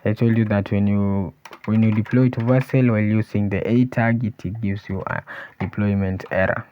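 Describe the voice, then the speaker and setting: A man teaching a coding tutorial, thinking aloud as he types and often pausing to say "let's see". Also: lowish voice, steady tone, slight background noise. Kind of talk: screen-recorded coding walkthrough. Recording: dull lo-fi voice recording. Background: keyboard typing and clicks.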